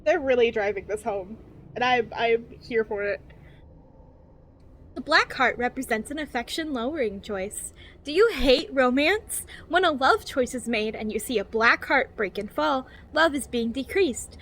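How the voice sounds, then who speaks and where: A woman's voice: a little high, expressive, unhurried, fairly bright tone. A woman streamer reading game text aloud in a cheery infomercial-style voice and giggling often.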